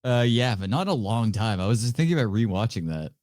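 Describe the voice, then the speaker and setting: A man's voice: fairly low pitch, expressive, fast, darkish tone, no echo, clean studio sound. A man guesting on a casual podcast, sarcastic and profane, mocking people who put on accents. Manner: sarcastic, swears often, mocks affected accents. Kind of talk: casual chat.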